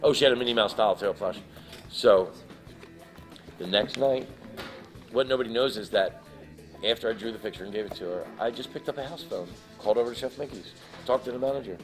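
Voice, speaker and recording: A man telling an animated, emotional anecdote as a guest in a live interview, acting out the people in his story. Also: mid-range voice, fairly quick, faint music behind. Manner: emotional, laughs while telling. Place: live event in front of an audience.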